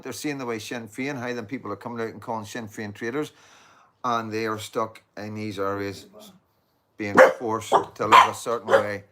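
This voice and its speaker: A man's voice: mid-range voice, sharp tone. A man with a Northern Irish accent rambling to his viewers at home in a casual monologue, repeating "you know what I mean" and swearing. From Northern Ireland. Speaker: online show host. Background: dogs at home.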